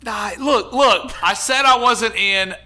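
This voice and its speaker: A man's voice: high voice, takes it slowly, pushed and bright. A man hosting a casual comedy podcast, playful and laughing often as he runs a vote. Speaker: podcast host running a bracket vote.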